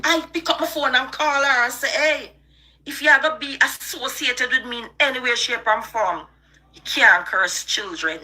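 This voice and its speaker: Emphatic high-voiced Jamaican woman. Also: normal speed, pushed and bright. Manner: emphatic and preachy. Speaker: online live-stream host. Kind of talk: passionate live-stream rant.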